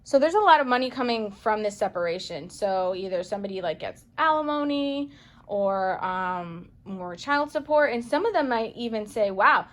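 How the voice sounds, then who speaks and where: A woman reading tarot cards for viewers in a chatty, playful way, excitable and full of pet names. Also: mid-range voice, moderate pace. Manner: playful, chatty, calls listeners baby girl and boo; excitable, gasps and exclaims over cards. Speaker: psychic medium tarot reader.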